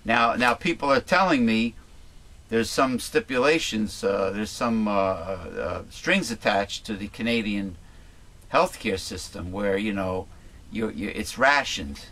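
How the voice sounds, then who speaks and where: A man's voice: fairly low pitch, a little slow, a bit bright. A man hosting a talk show, speaking in casual commentary that halts and restarts with repeated words.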